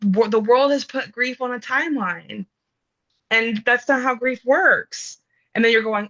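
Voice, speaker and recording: A woman's voice: a little high, a little slow, sharp tone, highs cut off. A woman in an earnest, casual conversation about grief, thinking aloud with fillers and restarts. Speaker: guest speaking on grief.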